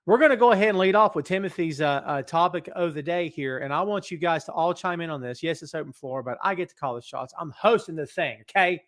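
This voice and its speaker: Man, middle-aged, live podcast host, hyped, chatty, fairly high voice. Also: quick pace, hardly any pauses. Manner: animated, hyped, talks to chat directly. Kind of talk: live wrestling podcast, reading chat. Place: home office.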